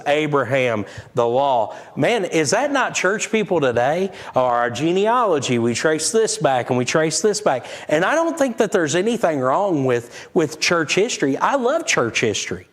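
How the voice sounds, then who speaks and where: Halting, conversational preacher man. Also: mid-range voice. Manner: conversational, halting with many fillers and restarts; reads scripture aloud in King James wording. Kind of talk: casual Bible-study sermon.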